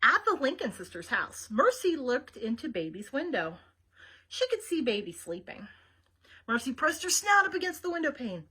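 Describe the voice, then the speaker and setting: A librarian with a high, sharp voice that has a breathy edge and big pitch swings reads a storybook aloud to children at normal speed, recorded on a webcam. She shows the pictures and adds chatty asides to her young listeners about them.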